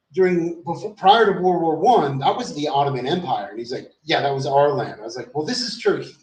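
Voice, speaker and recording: A man telling a loose, rambling story in casual chat, swearing freely and trailing off in fillers. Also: on the high side. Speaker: vlogger. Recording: roomy echo, distant from the mic.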